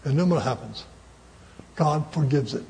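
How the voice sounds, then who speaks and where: A man delivers a sermon with emphatic conviction, hammering his key words through repetition. His voice sits somewhat high for a man yet sounds mellow and warm, and he lets out a chuckle between points. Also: animated, normal speed, creaky. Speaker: preacher.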